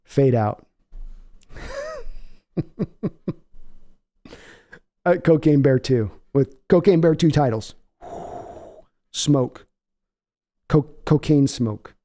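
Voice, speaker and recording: A man's voice: mid-range voice, takes it slowly, long pauses, dark tone. A man hosting a live podcast, chatting casually and calling plays, rambling with many fillers. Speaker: podcast host. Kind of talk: casual live chat with play-by-play.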